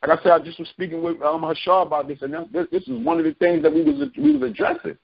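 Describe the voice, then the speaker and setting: Man, bible study leader on a lo-fi call, lively, slightly husky, repeats himself for emphasis. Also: high voice, quick pace. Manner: preachy, repeats phrases for emphasis. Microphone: phone conference call. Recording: dull lo-fi phone call.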